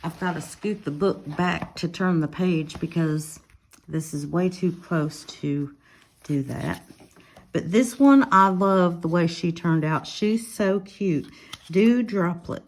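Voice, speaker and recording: A woman's voice: lowish voice, slow. A woman, casually showing and describing her finished coloring pages to viewers, listing her supplies as she goes. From Alabama. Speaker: coloring vlogger. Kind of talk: casual show-and-tell narration.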